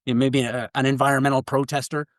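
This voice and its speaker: Canadian guy, animated storyteller, laughs a lot, mid pitch, dry sound. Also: fast talker, dry recording. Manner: lively, laughs through his story. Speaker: guest, keynote speaker.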